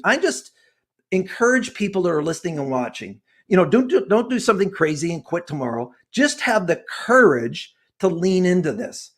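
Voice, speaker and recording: A man's voice: sits high, sing-song, moderate pace. A man in his sixties, a guest author speaking in an interview, earnest and fervent, talking like a preacher. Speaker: guest author and personality expert. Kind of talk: passionate interview talk.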